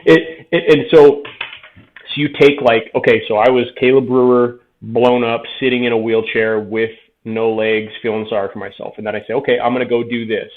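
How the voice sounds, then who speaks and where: A man's voice: medium pitch, little pitch movement, normal speed. A man in his thirties, a veteran guest telling his story frankly in a casual interview, often quoting himself. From Tucson, Arizona. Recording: tinny phone-like audio.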